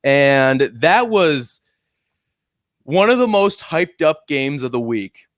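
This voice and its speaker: A man's voice: fairly high pitch, sing-song, slow pace, fairly bright tone, no echo, studio quality. A man co-hosting a college football podcast, talking casually and teasing his co-host. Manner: upbeat, teasing banter. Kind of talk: casual sports chat.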